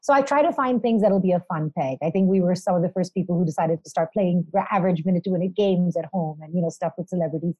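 An upbeat woman chats freely as an interview guest, rolling from one story into the next. Her tone is mellow and soft-edged. The sound is dry and close, with no room around her. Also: lowish voice, fast talker, hardly any pauses, dry recording, rough recording. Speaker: interview guest, entertainment presenter. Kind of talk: casual interview talk.

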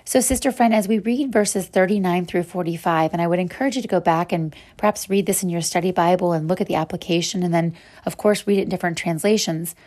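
A woman's voice: fairly low pitch, fast talker, hardly any pauses, a little mellow. A woman hosting a podcast and teaching a Bible devotional, speaking in an earnest, encouraging way to her listeners as sisters.

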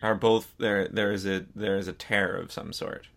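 A man's voice: lowish voice, steady tone, normal speed, vocal fry, fairly bright tone. A man co-hosting a podcast, listening attentively and chiming in with short replies. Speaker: podcast co-host. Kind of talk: casual chat.

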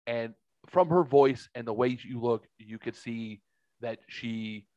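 A man's voice: mid-range voice, slow, a little mellow, dull audio. A man in his forties telling a rambling, profane story in casual chat, acting out the other people's voices. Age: 40s.

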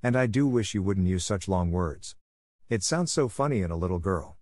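A man voicing a stern, practical older woman who brisk-ly scolds her adopted girl, in a storybook reading. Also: low voice, animated, a little mellow, no room sound, clean studio sound. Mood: scolding.

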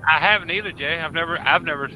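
A man's voice: a little high, fast talker, bright, forceful tone, poor audio. A man chatting casually about games, stammering through restarts and joking around. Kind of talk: casual gaming chat.

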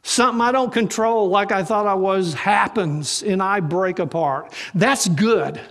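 Man, high-pitched voice, pastor preaching, rhetorical questions to the congregation. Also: measured pace, fairly bright tone, long reverb tail. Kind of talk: sermon. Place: church service with live congregation.

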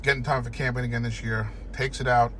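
A man's voice: medium pitch, level tone, fast talker, fairly bright tone, a little hiss or hum. A man in casual chat, telling a rambling story with lots of swearing, recorded in a car. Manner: storytelling with lots of swearing, acts out panicked ant voices. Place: inside a parked car.

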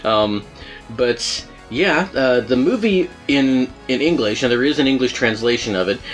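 Man, podcast host, casual rambling chat, lots of fillers, laughs often, average pitch, soft music under. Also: animated, measured pace.

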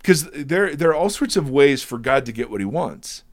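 A man with a slightly higher voice and a very lively, swooping delivery, talking about scripture with emphasis and feeling. He presses his points with rhetorical questions and sounds emotional, near tears. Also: normal speed. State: teary. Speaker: Bible teacher in discussion. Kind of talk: conversational Bible discussion.

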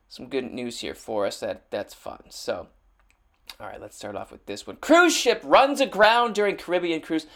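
A young man hosting his own show, rambling sarcastically with lots of restarts and swearing. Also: fairly high pitch. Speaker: podcast host. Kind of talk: rambling comedic rant. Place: Los Angeles.

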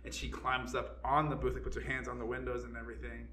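A man's voice: medium pitch, flat delivery, fast talker, bright, forceful tone, reverberant, a little hiss or hum. A man co-hosting a podcast, telling a story with frequent fillers and laughter. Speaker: podcast co-host. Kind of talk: casual chat, storytelling.

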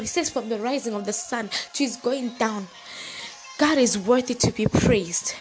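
A woman delivers a devotional exhortation in an earnest, repetitive way, rising to fervent emphasis. Her voice sits a little high for a woman. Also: unhurried, faint music behind, poor audio. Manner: retells a story with lively acted quotes. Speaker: preacher.

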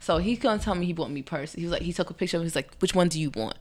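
A woman co-hosting a podcast in casual chat, loud and animated, laughing often. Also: lowish voice, racing. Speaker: podcast co-host.

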